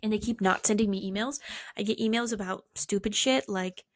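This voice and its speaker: A woman's voice: mid-range voice, fairly quick, no room sound, studio quality. A young woman talking to camera in a casual, rambling monologue, swearing often and poking fun at herself. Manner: profane, rambling, self-mocking. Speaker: vlogger.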